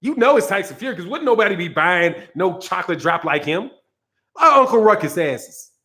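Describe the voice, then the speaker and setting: A man's voice: sits high, sing-song, fairly quick, pushed and bright. A man hosting a boxing commentary channel, ranting in a heated, profane way, repeating himself and breaking into laughter.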